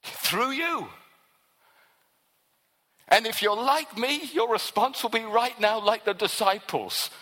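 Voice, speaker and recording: A man's voice: sits high, moderate pace, hardly any pauses, bright, forceful tone. A man preaching a sermon in a church, emphatic and repetitive in his rhetoric. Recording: long hall reverb.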